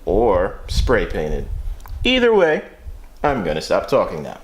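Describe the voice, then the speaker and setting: Working in a garage for his casual car repair vlog, a man speaks in a low, expressive voice at a measured pace. He wanders off topic, cracks jokes, and pokes fun at himself.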